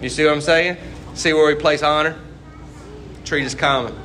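A man's voice: fairly high pitch, steady tone, normal speed, pushed and bright, a little hiss or hum. A man preaching a casual, conversational sermon and asking his listeners questions as he goes. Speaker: pastor.

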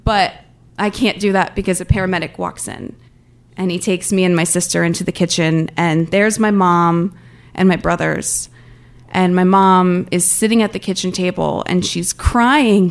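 Young adult woman storyteller, mid-range voice, earnest and candid, casual phrasing. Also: mid-range voice. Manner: earnest, candid, conversational with frequent "like". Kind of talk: personal storytelling.

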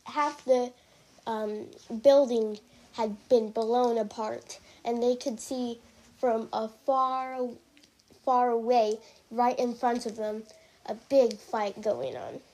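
A woman's voice: fairly high pitch, fairly even intonation, slow, a little mellow. A woman improvising a story aloud, hesitant with frequent restarts.

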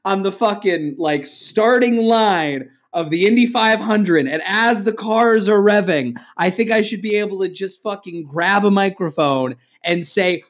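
A man co-hosting a podcast in casual chat, joking and swearing in an animated way. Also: sits high, measured pace, few pauses. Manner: jokey, animated, profane. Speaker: podcast co-host.

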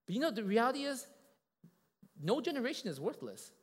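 A man preaching in a church, telling a story in a lively, conversational way and checking in with the congregation again and again. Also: very high-pitched, brisk, breathy edge, long reverb tail. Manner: animated, conversational, asks many tag questions. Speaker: pastor. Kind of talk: sermon with a told story.

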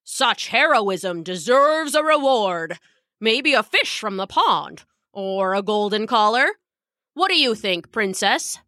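A woman voicing a kindly palace guard, speaking slowly and steadily. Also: mid-range voice, animated, bright, forceful tone, no echo, clean studio sound. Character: gruff palace guard man.

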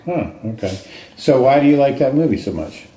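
Male interviewer, mellow and relaxed, asks easygoing encouraging questions; recorded in an echoing room. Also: mid-range voice, brisk. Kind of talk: casual interview chat.

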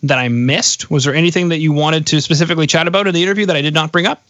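A man's voice: a little high, very fast, a bit bright, no room sound. A man in his thirties hosting a podcast interview, talking in a rambling, reflective way with jokes mixed in. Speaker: podcast host. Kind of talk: casual interview chat. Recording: dull lo-fi, dry close sound.

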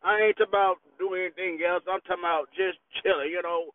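A man's voice: high voice, steady tone, brisk. A man, a bit tipsy, chatting in a laid-back, profane way from his parked vehicle. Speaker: vlogger. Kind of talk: casual rambling chat. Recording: tinny phone-like, dry.

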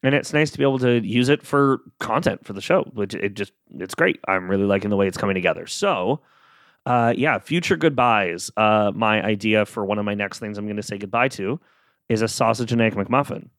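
A man's voice: lowish voice, brisk, fairly bright tone, no room sound, clean studio sound. A man hosting a solo podcast, talking casually and rambling with lots of fillers and self-amused asides. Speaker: podcast host.

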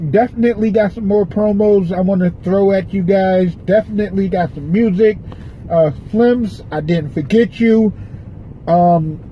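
A man's voice: high voice, dark tone, slight background noise, low-quality recording. A man hosting his podcast in a casual rambling monologue, profane and frustrated, with a stuffy nose. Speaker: podcast host. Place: parked car.

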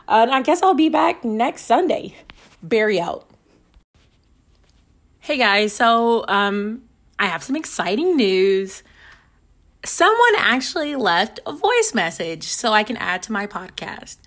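A woman's voice: on the high side, lively intonation, unhurried. A woman in her twenties hosting a podcast, telling a personal story casually and acting out her own quoted lines with laughs. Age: 20s. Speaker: podcast host.

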